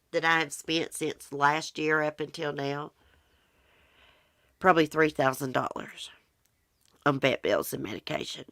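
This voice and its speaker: A woman's voice: sits low, bright, forceful tone, smooth, dry recording, studio quality. A woman with an American country accent, hosting a livestream and chatting casually with viewers, rambling in a folksy way. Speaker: livestream host. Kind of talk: casual livestream chat answering viewer comments.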